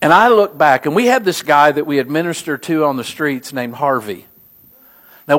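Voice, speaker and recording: A middle-aged man, a pastor, preaching a sermon with animated storytelling that rises to emphatic peaks. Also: a little high, moderate pace.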